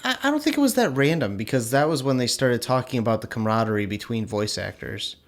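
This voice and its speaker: A young man co-hosting a podcast in casual chat, relaxed, swearing casually and laughing. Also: medium pitch, quick pace. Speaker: podcast co-host.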